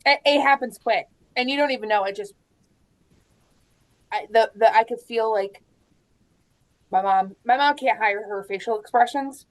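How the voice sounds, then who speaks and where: A woman in her thirties chatting casually about parenting, animated and laughing often as she acts out quotes. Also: fairly high pitch, normal speed, long pauses. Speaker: guest mom. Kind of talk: casual chat.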